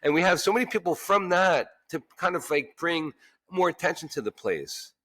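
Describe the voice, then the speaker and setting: A man, a restaurant chef-owner, telling lively stories in an interview and acting out what people said. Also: fairly high pitch, normal speed, dry recording. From Queens, New York. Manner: animated storyteller who acts out quoted voices. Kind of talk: casual storytelling interview.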